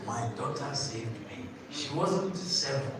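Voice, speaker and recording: Pastor preaching in an echoey hall. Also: male voice, mid-range voice, animated, slow pace, a crowd in the background. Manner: preaching with sudden shouted bursts and call-and-response questions. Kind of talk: sermon. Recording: echoey hall from far off with noise.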